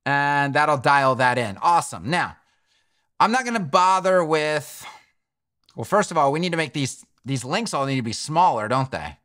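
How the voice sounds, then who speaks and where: A man's voice: a little high, expressive, normal speed, pushed and bright. A man giving a screen-recorded coding tutorial, thinking aloud and correcting himself as he clicks through settings. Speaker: web development tutor.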